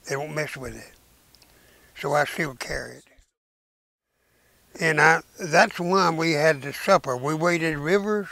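A man, a war veteran and preacher telling his memories slowly and haltingly in an interview, in folksy rural speech. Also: on the high side, sharp tone, no echo. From Arkansas, United States. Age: 90s. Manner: slow, halting storytelling with many "uh"s and restarts.

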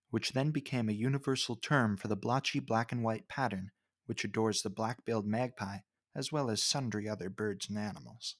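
A man's voice: medium pitch, dry recording. Man narrating in a dry close voice-over. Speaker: birding video narrator. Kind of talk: scripted narration.

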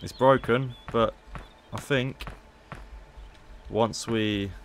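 A man's voice: mid-range voice, steady tone, very slow, a little hiss or hum. A man casually commentating gameplay as a YouTuber, chatty and playful. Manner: chatty, playful, haggling asides. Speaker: gaming YouTuber.

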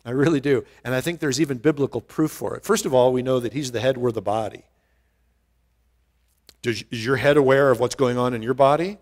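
A male pastor giving an earnest verse-by-verse Bible teaching, rising in pitch and volume to stress a point and often restarting his words. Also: fairly quick, a little mellow. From United States. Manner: rises in pitch and volume for emphasis.

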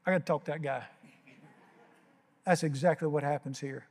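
A man's voice: fairly high pitch, fairly even intonation, normal speed, a little mellow, big-room sound. An older man preaching a sermon as pastor, telling folksy stories and acting out the voices. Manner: folksy storytelling, acts out voices.

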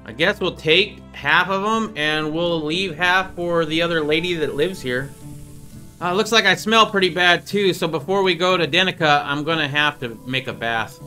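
A man chatting casually over his gameplay as host, playful and quick to joke at his own expense. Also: fairly high pitch, pushed and bright, faint music behind. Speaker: gaming video host.

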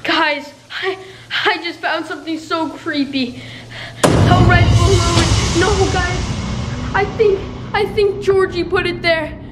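A woman's voice: extremely high pitch, steady tone, slow pace, noisy background. A woman hosting a staged scary vlog, talking to her viewers in a panicky, breathless way and calling out to them again and again. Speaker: reaction channel host.

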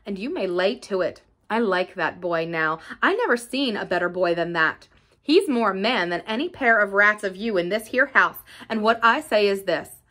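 A woman reading a gruff, cunning old pirate cook, dropping her voice to a menacing growl. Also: mid-range voice, pushed and bright. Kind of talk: audiobook character reading.

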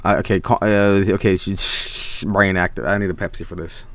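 A man's voice: sits low, steady tone, normal speed, a little hiss or hum. A man streaming casually, reading out fan art and chat, rambling, swearing freely and breaking into silly voices.

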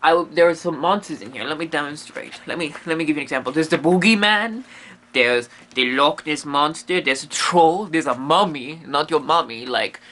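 A man's voice: fairly high pitch, moderate pace, pushed and bright. A man hosting a comedic monster explainer, rambling in a playful, goofy way full of silly asides. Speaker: comedic host playing a medium.

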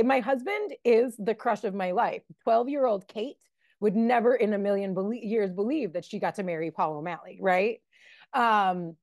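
A woman's voice: on the high side, vocal fry, no echo, clean studio sound. A woman in her forties giving a candid, emotional personal recovery testimony at a meeting. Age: 40s. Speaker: member sharing at a recovery meeting.

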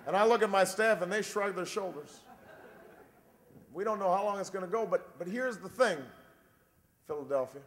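A man in his forties giving a campaign speech, telling a dry, wry story and then building to a shouted rallying close. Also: high voice, moderate pace, long pauses. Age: 40s. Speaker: presidential candidate. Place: large convention hall. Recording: long reverb of a big convention hall.

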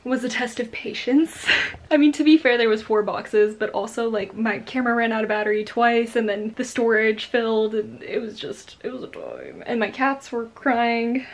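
A woman's voice: fairly high pitch, moderate pace. A woman chatting casually in a home vlog about books and her day, using lots of "like". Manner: chatty, filler-heavy, lots of "like". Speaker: book vlogger.

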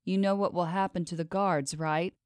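A woman voicing a cold, suspicious and manipulative mistress in an audiobook, speaking in a smooth, probing tone. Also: on the low side, fairly even intonation, normal speed, no echo, studio quality, lightly acted. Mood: coldly probing. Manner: smooth, probing, quietly menacing. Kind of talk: audiobook character voice.

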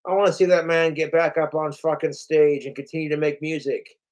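A man's voice: a little high, steady tone, a little fast, darkish tone. A man hosting his livestream, ranting casually and profanely, acting out the lines of others. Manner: profane, boastful, acts out quoted lines. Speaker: livestream host.

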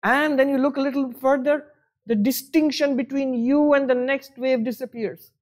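A monk teaching at a retreat, giving a spiritual discourse in a lively, conversational way, with rhetorical questions and self-mocking humor. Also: male voice, extremely high pitch, moderate pace.

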